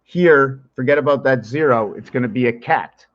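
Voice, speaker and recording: A man's voice: mid-range voice, moderate pace. A man rambling to a camera in a mystical, musing way, mixing French and English. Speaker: vlogger. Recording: dull lo-fi recording.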